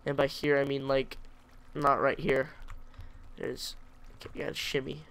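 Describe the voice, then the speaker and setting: In a medium-pitched, level voice that's creaky yet smooth and fairly bright, this man comments a little slowly on his own gameplay. He's chatty and playfully self-pitying, and he answers back to the creatures on screen.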